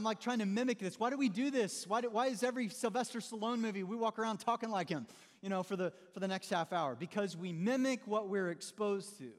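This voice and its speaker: A middle-aged man delivers a sermon in a high, bright-sounding voice, talking to the congregation like friends. His words ring out with a long reverb from a large church hall. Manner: conversational, animated, calls listeners "man". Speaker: pastor.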